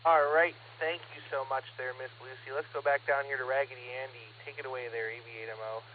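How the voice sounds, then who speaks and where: A man speaks quickly over a tinny radio link with a faint hiss behind him. He runs the net in a brisk, friendly way and teases the callers. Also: mid-range voice, steady tone. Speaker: net control.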